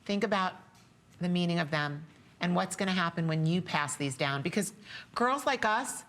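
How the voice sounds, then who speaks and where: A woman's voice: lowish voice, expressive, normal speed, a bit bright. Teary woman selling jewelry on TV. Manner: sentimental, repetitive, teary. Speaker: jewelry designer and shopping show guest. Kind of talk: emotional sales pitch.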